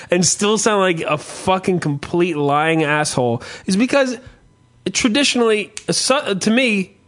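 A man's voice: fairly high pitch, fairly bright tone. A man hosting a call-in radio show, joking crudely and laughing with a caller. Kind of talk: casual call-in radio talk.

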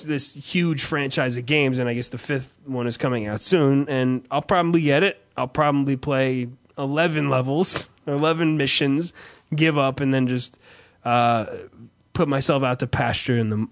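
A man in his thirties chatting casually, rambling and swearing as he tells animated stories. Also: medium pitch, moderate pace. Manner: rambling, profane, animated storyteller. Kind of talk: casual chat.

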